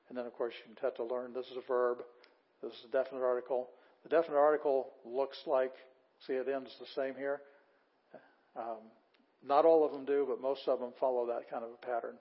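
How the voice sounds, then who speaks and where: Casting: middle-aged male teacher, husky, emphatic lecture delivery, muffled lo-fi recording. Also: medium pitch. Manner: emphatic, repeats words for stress. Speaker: Greek language teacher. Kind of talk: classroom lecture. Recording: dull lo-fi class recording.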